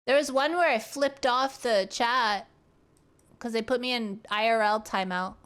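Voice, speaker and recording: A woman streaming from home and chatting to her viewers. She talks slowly and loosely in a fairly high voice, rambling and restarting her sentences. She sits close to a studio mic. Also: fairly bright tone, clear, resonant tone. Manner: rambling, playful, trails off and restarts. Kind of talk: casual chat.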